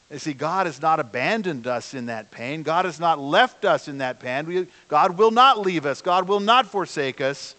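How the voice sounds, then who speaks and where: A man's voice: medium pitch, fairly bright tone, long reverb tail. A man preaching a sermon as pastor, in a conversational way, often putting questions to the congregation. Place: church sanctuary.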